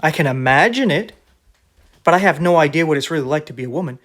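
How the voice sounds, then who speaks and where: A man's voice: on the high side, fast, fairly bright tone. A man preaching in a casual, conversational sermon, often restarting his phrases. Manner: conversational, with many restarts and filler words.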